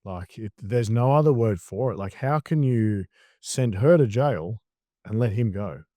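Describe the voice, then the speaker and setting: A man's voice: on the low side, lively intonation, unhurried, dark tone, no room sound. An Australian man, a guest, talking bluntly and swearing freely in a casual interview.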